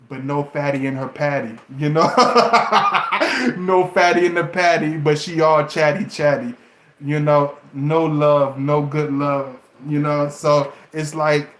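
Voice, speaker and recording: Brief: gravelly man, preachy and teasing vlog rant, somewhat high voice, roomy echo. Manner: animated, preachy, mocking, laughs often. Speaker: relationship advice vlogger. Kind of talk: casual monologue to camera.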